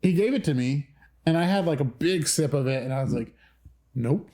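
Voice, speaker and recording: A man in his thirties from the Midwest co-hosts a casual podcast, telling stories with a somewhat high voice. He jumps into other people's voices as he tells them. His delivery stays loose and chatty. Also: fast talker, faint music behind. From American Midwest. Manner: animated storyteller, acts out other people's voices with big pitch jumps. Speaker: podcast co-host. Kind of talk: casual chat.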